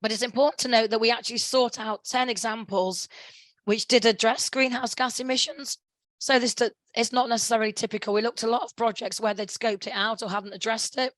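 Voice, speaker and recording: A middle-aged woman with a hoarse, sore throat giving a webinar presentation over a video call. She often restarts her phrases and stops to clear her throat. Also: on the high side, fairly even intonation, fairly quick, dry recording, rough recording. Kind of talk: conference presentation.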